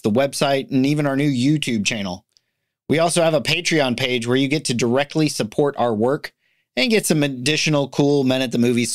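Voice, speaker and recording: A man's voice: medium pitch, dry recording, clean studio sound. A man hosting a podcast in a casual, chatty way, laughing easily and often restarting his sentences. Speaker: podcast host.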